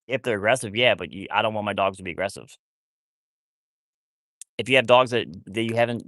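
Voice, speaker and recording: A man's voice: on the low side, fairly bright tone, no echo, studio quality. A man talking casually to livestream viewers while working with his dogs, rambling and often restarting his sentences. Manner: rambling, repeats himself, trails off mid-sentence; soothing, cooing talk to his dogs. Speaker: wolfdog rescuer livestreaming. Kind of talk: casual live-stream talk to viewers.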